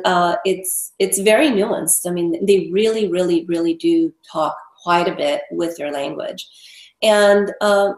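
A woman's voice: mid-range voice, darkish tone. A woman dog trainer, a guest in an interview, explaining emphatically and repeating words for stress. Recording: echoey room.

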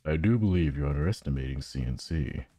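A courteous, scheming schoolgirl agent from a game, read aloud by a man in his low natural voice. The delivery is lively and rises and falls freely, recorded dry with faint music underneath. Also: fast, dry recording. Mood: taunting. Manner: reading game dialogue aloud. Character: polite scheming teenage girl agent.

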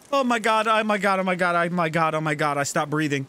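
A man giving gaming commentary, talking himself through moves and yelling and swearing at the game. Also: on the high side, quick pace, few pauses, a little hiss or hum. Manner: swears a lot and yells at the game. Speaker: let's play gamer.

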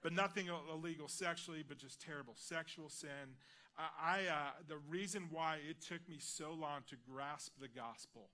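A man delivers a heartfelt sermon in a church, telling his own story. His voice is bright and forceful and sits slightly high for a man. He drops to a hush on the lines he wants to land. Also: moderate pace. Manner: earnest, personal testimony, drops quiet on key lines. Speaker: guest preacher. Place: large church auditorium.

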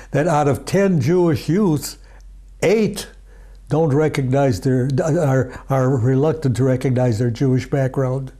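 An older man, an archivist of Yiddish culture, talking in a rambling, halting way with many fillers in a casual interview. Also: fairly high pitch, dark tone. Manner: sings Yiddish folk songs unaccompanied.

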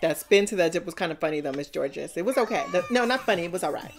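Talking fast with an expressive, lowish voice, this woman reacts to contestants in a casual video, hitting them with blunt critiques and sassy names like "honey" and "baby." Faint music plays in the background.

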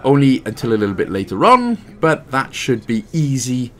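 A man's voice: medium pitch, sing-song, moderate pace, hardly any pauses, a bit bright. A man with a Welsh accent giving a casual, jokey walkthrough of a video game as host of a guide channel. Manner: chatty, jokey, rambling asides.

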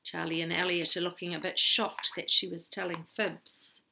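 A woman reading a children's story aloud, expressive, with chatty asides to her listeners. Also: lowish voice, moderate pace, vocal fry, a little hiss or hum.

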